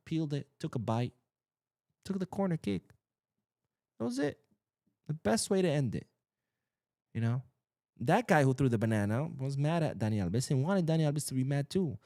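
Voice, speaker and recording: A man's voice: mid-range voice, dark tone, no echo, studio quality. A man hosting a football news show, ranting bluntly and profanely about the rules. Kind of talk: ranting commentary.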